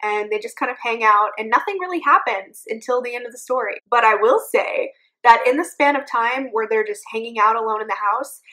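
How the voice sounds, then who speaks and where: A young woman recaps a book in a casual, sarcastic vlog manner, with jokey asides. Her voice is on the high side. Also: brisk, sharp tone, poor audio. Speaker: book reviewer.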